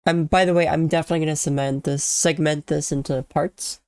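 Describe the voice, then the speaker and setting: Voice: medium pitch, fairly even intonation, fairly quick, darkish tone, no room sound. A sick, congested and tired streamer giving casual, rambling commentary on a video game, often trailing off and restarting sentences.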